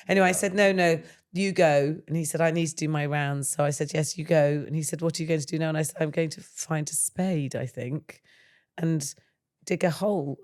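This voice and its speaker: A woman, hosting a podcast and telling a family story in a lively, laughing way. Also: low voice. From England. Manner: animated, laughs through her story. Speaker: podcast host. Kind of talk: casual chat, storytelling.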